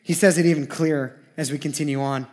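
A man preaching a sermon as pastor, emphatic and repetitive, swinging from loud lines to hushed ones. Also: fairly high pitch, fairly even intonation, fast.

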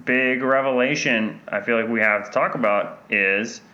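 A man co-hosting a podcast in casual, joking chat with deadpan asides. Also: mid-range voice, moderate pace, echoey room, highs cut off. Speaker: podcast co-host.

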